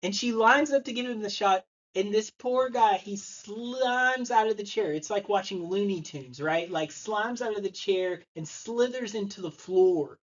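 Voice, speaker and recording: A man's voice: high-pitched, unhurried, hardly any pauses, muffled recording. A man preaching a sermon, telling a story and acting out the people in it. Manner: storytelling, acts out the voices in his story. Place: church.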